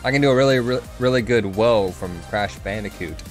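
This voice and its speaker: A man's voice: mid-range voice, a little fast, soft background music. Rambling, swearing male game streamer. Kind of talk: casual gameplay chat.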